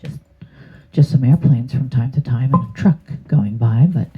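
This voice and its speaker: A woman's voice: very deep voice, moderate pace, husky, faint music behind. A woman giving a casual tarot reading to her channel, rambling and hesitant with many fillers. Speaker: tarot reader. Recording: tinny phone-like sound.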